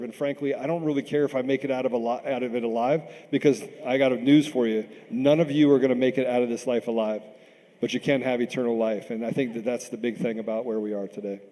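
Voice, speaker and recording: A man's voice: medium pitch, mellow. Earnest man in a reverberant hall. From Washington, D.C. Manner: earnest, repeats words when stirred. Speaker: panel guest. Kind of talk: impassioned speech on a panel. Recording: long reverb in a big hall.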